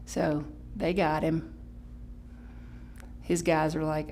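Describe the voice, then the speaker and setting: A woman pastor preaching a Sunday sermon in a chatty, playful way, breaking into sudden high exclamations and correcting herself as she goes. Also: unhurried, long pauses, a little mellow. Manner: chatty, with restarts and self-correction. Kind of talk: live-streamed Sunday sermon.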